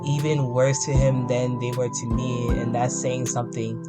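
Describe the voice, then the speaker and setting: A woman voicing a quiet, self-conscious young man in a game, speaking low and subdued. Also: level tone, normal speed, loud music behind the voice. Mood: glum.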